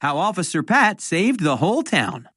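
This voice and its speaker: A woman's voice: on the low side, big pitch swings, moderate pace, a bit bright, breathy edge, no room sound, clean studio sound. Sing-song woman reading a children's storybook. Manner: sing-song rhyming delivery, voices characters lightly. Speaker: storybook reader. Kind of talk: children's read-aloud narration.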